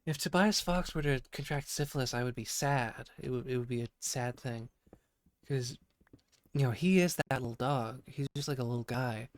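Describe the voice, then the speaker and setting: A man with a croaky voice from being sick, rambling through a profane casual monologue full of restarts, as a podcast host. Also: medium pitch, moderate pace. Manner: rambling, profane, self-interrupting.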